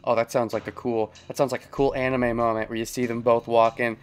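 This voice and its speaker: A man's voice: mid-range voice, little pitch movement, a little fast, clear, resonant tone, soft background music. A man hosting a let's play, thinking aloud about a story and chuckling often as he comments casually.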